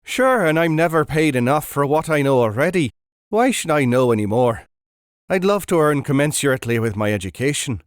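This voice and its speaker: A snooty market trader, put on by a man, rolls out a broad Irish brogue, pitched up and loud with sardonic self-pity. The read is dry and close, with no room around it. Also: animated, fairly quick, clean tone, no echo, natural voice.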